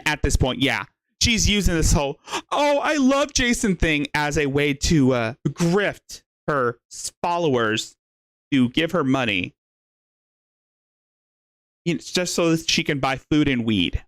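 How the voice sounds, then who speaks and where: A man's voice: fairly high pitch, fairly bright tone, no room sound. A man hosting a show, giving scornful, lecturing commentary on a clip. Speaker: host.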